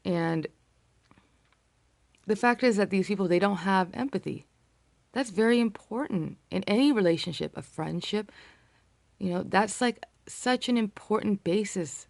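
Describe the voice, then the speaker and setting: A woman talking earnestly and reflectively to camera, sharing a personal story with many pauses and fillers. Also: lowish voice, vocal fry, dry recording. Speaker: vlogger sharing personal experience. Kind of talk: casual talk to camera.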